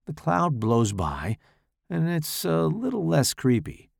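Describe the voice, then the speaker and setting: Slow, gravelly man narrating horror. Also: a little high, dry recording, studio quality. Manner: slow, dramatic, expressive reading. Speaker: podcast host reading his story. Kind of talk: first-person horror story narration.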